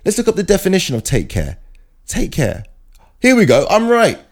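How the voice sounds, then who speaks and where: A man, chatting in a casual comic monologue, self-mocking and animated. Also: sits high, moderate pace. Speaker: vlogger.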